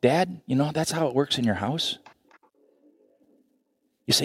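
Animated male preacher acting out voices. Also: measured pace, gravelly, breathy edge, dry recording, studio quality. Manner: animated storytelling, acting out voices with big pitch jumps. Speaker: pastor. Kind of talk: sermon.

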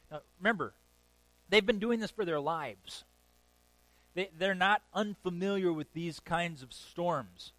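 A man preaching a sermon, telling a story with animated bursts of emphasis and chuckles. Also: on the high side, no echo, rough recording. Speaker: pastor.

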